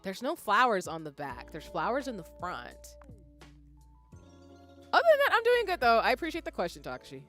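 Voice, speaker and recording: Bright, lively woman chatting on stream. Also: mid-range voice, a little fast, pauses often, soft background music. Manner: chatty, rambling, laughs often, reads chat aloud. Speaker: live streamer. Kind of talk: casual live-stream chat.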